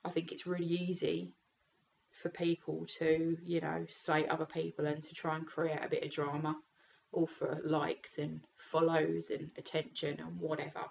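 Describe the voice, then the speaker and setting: Brief: tearful British mum, low flat gravelly voice, blunt and sweary, dull lo-fi home recording with faint room noise. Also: female voice. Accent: British English. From United Kingdom. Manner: frank, sweary, rambling with fillers. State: tearful, emotionally raw. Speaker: vlogger and mum. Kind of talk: candid casual vlog.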